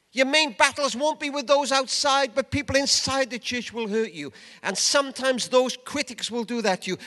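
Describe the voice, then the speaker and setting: An older man preaching a sermon at a conference, emphatic, dropping from loud urging to hushed asides. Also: very high voice. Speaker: conference speaker. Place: large event hall. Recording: long reverb of a large hall.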